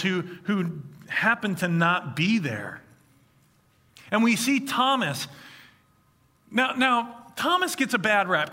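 A man preaching a sermon, reading scripture and then retelling it in a lively, conversational way with acted-out quotes. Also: high voice. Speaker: pastor.

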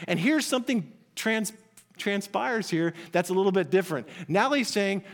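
A man's voice: sits high, lively intonation, moderate pace. A man preaching a sermon from scripture, earnest and emphatic, often repeating phrases. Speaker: pastor.

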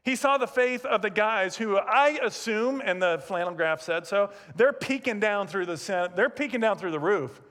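High-voiced animated male preacher. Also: moderate pace, hardly any pauses. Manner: animated storytelling with asides and laughs. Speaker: pastor. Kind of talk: sermon. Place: church sanctuary, also streamed.

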